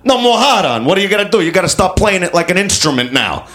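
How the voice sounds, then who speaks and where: A man's voice: high voice, very animated, fast talker, fairly bright tone. A man doing a crude stand-up routine, crass and needling the audience. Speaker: stand-up comedian.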